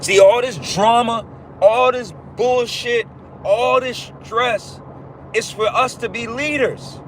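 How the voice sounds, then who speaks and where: A man's voice: very high-pitched, slow pace, a bit bright, slight background noise, rough recording. A man giving an informal livestream sermon, emphatic and repetitive, swearing casually as he preaches.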